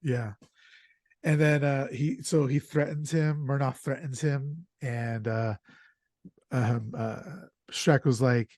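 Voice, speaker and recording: A man hosting a podcast chat, talking in an excitable, loose way, dropping swear words and plenty of ums and restarts. His voice sits at an everyday middle pitch. The sound is dry and close, with no room echo. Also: takes it slowly. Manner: excitable, profane storytelling with lots of fillers. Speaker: podcast host. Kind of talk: casual chat.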